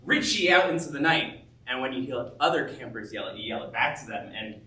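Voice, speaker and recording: An actor playing a skeptical, good-natured young man camper in a stage play, dismissive and quick to laugh, sometimes stammering. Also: mid-range voice, pushed and bright, lightly acted. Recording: roomy stage sound from a distant mic.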